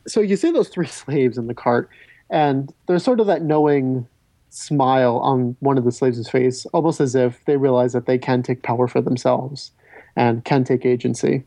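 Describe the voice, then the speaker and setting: Male podcast host, rambling and talkative, warm mellow timbre. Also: medium pitch, normal speed, dry recording. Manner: rambling, self-interrupting, stammers on restarts. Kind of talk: casual film discussion.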